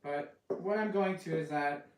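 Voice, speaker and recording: A man's voice: fairly high pitch, measured pace, echoey room, slight background noise, rough recording. A man from the western United States hosting a live cooking stream, chatting casually and rambling off topic as he talks to his viewers. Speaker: cooking channel host.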